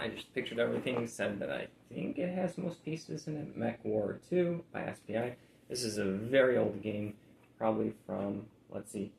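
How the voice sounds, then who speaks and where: Gravelly, low-voiced man rambling casually. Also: reverberant, a little hiss or hum, rough recording. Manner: rambling, laid-back, many fillers. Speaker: reseller showing sold items. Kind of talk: casual chat.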